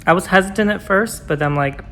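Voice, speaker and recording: A man chatting casually to camera as a vlogger in his garage, full of fillers, dropping to soft whispers and rising to loud excitement. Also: high voice, a little fast, slight background noise. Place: home garage by a car.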